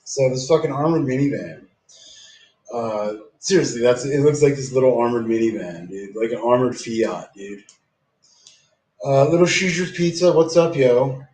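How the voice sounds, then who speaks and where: A man's voice: medium pitch, lively intonation, moderate pace, a little mellow, roomy sound, rough recording. A man delivering a casual, profanity-laced, rambling rant to camera, repeatedly calling the listener "dude".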